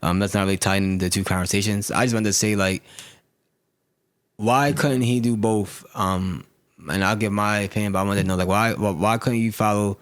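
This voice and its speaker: A low-voiced man talks fast and casually, pressing his co-host with questions. The sound is dry and close, with no room around it. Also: steady tone, dry recording. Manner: rapid questioning, slangy, steers the conversation. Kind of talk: casual chat.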